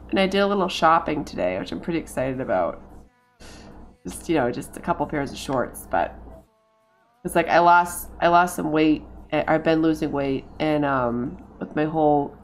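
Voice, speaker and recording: A woman's voice: deep voice, animated, moderate pace, soft background music. A woman in her thirties giving casual let's-play commentary, chatting to her game characters and to her viewers. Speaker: game streamer.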